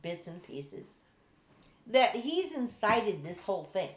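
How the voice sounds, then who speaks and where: A woman's voice: mid-range voice, big pitch swings, slow pace. Blunt, exasperated woman in an echoey room. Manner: blunt and exasperated, rambling with restarts. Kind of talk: casual political chat.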